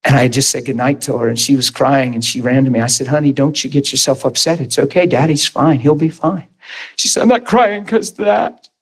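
A man's voice: medium pitch, steady tone, a little fast, slightly rough. A middle-aged man preaching a fervent, emphatic sermon testimony as pastor, laughing between points.

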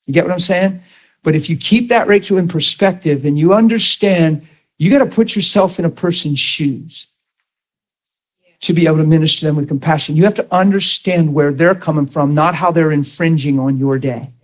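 Animated, higher-voiced man teaching ministry. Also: normal speed, poor audio. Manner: animated, blunt, acts out quoted voices.

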